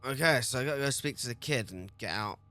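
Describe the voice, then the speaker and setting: A man's voice: medium pitch, expressive, quick pace, pushed and bright, faint music behind. A man giving casual commentary while playing a game, reading dialogue and talking through his moves. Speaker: gaming video creator.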